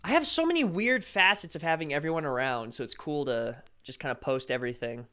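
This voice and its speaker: Give me a young man chatting casually on a home live stream, with a somewhat high, bright voice and a loose, self-mocking way of talking. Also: lively intonation, fairly quick. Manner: chatty, self-deprecating, rambling with restarts. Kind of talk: casual live stream chat, reading comments.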